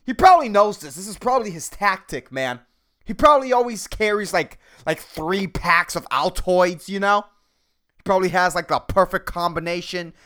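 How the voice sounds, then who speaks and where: A man hosting a solo podcast, rambling and swearing casually in a low, soft-spoken drawl, throwing in "man" and "dude". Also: expressive, normal speed. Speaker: podcast host.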